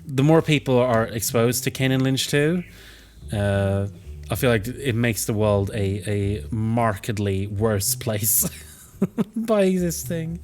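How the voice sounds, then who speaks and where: A man's voice: fairly low pitch, takes it slowly, darkish tone. A man streaming a story game, making jokey, self-deprecating remarks in casual commentary. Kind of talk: casual let's-play commentary.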